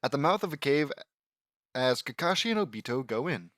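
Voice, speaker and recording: A man with a sore throat reads fan fiction aloud, constantly breaking off into rambling, self-mocking chatter. His voice sits at an ordinary pitch. The home recording is dry and close. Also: very animated, a little fast, a bit bright, no echo. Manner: rambling, self-deprecating, easily sidetracked. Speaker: fan fiction audiobook reader.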